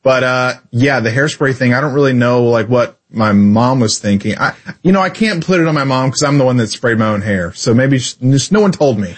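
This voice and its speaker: Relaxed young male co-host. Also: mid-range voice, a little fast, hardly any pauses, slightly rough. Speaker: radio co-host. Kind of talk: casual chat.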